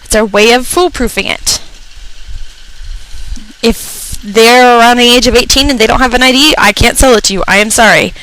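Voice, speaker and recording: Young woman ranting about customers, swears a lot, kinda high voice, exasperated. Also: normal speed, a bit bright, poor audio. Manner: exasperated, profane, acts out customers. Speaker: radio show personality. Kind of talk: comedic rant.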